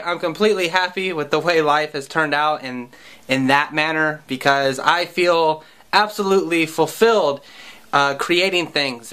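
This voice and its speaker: High, bright-voiced man telling wry stories. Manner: wry, profane and self-mocking. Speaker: musician and vlogger. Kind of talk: comic personal storytelling.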